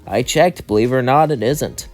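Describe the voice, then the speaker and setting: A man with a mid-range voice, close to an everyday speaking voice, reads the part of an earnest, hopeful young woman at a moderate pace. Faint music plays behind him.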